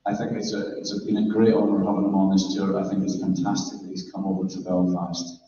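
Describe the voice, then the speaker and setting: A man's voice: low-pitched, little pitch movement, fast, dark tone. A man hosting an event, introducing a speaker by running through a long list of credits. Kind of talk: reading out an introduction. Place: large echoey event room. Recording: echoey, muffled, distant with faint noise.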